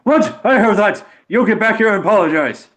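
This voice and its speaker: A man voicing a grave, ancient male druid who speaks slowly and portentously. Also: on the low side, darkish tone, natural voice. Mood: indignant.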